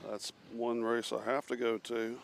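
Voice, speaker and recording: A man's voice: medium pitch, flat delivery, measured pace, vocal fry, slight background noise. A man hosting a live planespotting stream outdoors near an airport, chatting casually and reading out viewer messages. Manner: chatty, reads out chat messages. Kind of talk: casual commentary while planespotting.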